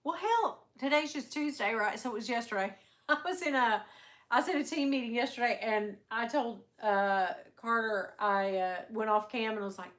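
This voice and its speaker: A middle-aged woman hosting a casual livestream, chatty and quick to swear and laugh. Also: fairly high pitch, a bit bright. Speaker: livestream host.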